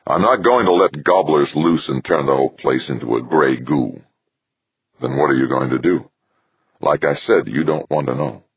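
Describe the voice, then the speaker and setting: Man reading as a blunt smuggler, sly and slangy, very deep gravelly voice, dull lo-fi sound. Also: normal speed, no echo, full character voice. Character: rough older male smuggler, sly and blunt. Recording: dull lo-fi recording.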